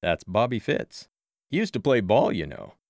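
Guy doing a loud blunt buddy type, lots of pitch swing. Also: very animated, normal speed, no room sound, clean studio sound. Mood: friendly. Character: loud, blunt adult man, protective friend. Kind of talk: audiobook character voice.

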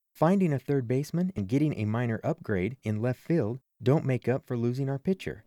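A man narrating a first-person audiobook with expressive storytelling. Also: medium pitch, a little fast, no room sound, clean studio sound.

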